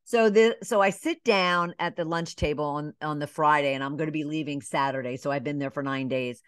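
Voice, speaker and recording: A middle-aged woman from Atlanta, a business coach, telling her story in a casual interview, with lively asides, many fillers and short bits acting out other voices. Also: low-pitched, a little fast, smooth, no echo, studio quality. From Atlanta, Georgia. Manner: animated storyteller, acts out quoted voices, many "you know" fillers. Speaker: business coach and podcast guest.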